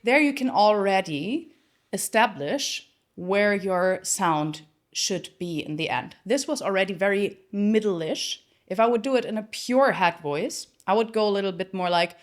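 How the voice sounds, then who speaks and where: A woman's voice: mid-range voice, a little slow. A woman voice coach explaining singing technique step by step, with a slightly turn of phrase, now and then breaking into short sung examples. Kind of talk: singing lesson with sung demonstrations.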